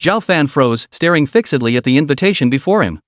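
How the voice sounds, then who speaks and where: Brief: male recap narrator, higher register, lively pitch, dry booth-like sound. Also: brisk, dry recording.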